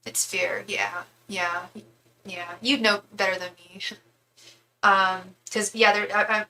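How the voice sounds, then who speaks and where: A woman's voice: mid-range voice, pushed and bright, poor audio. A young woman giving a casual live tarot reading, chatty and candid, thinking aloud with frequent restarts. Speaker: tarot reader.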